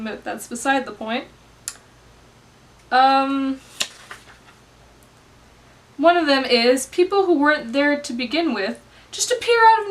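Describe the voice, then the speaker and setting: A woman giving a casual, sarcastic movie review, exasperated and swearing now and then. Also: high voice.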